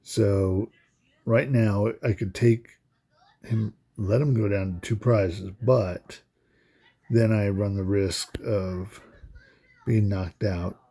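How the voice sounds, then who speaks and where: A man commentating on a card game in a halting, soft-spoken way, with many pauses and fillers. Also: lowish voice, fairly even intonation, breathy edge. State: emotional, voice breaking. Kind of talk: casual gameplay commentary.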